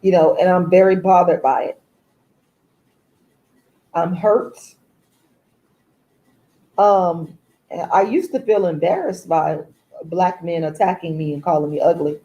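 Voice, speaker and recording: A woman, hosting a live stream and venting in a deliberate, emphatic way, repeating herself. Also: fairly low pitch, steady tone, warm tone, highs cut off. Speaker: livestream host.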